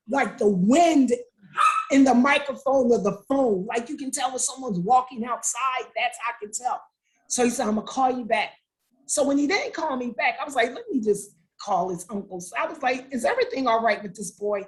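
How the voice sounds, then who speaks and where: On poor audio, a middle-aged mother speaks at a moderate pace in a slightly high voice. As an interview guest, she emotionally recounts her incarcerated son's story, performing the dialogue with animation.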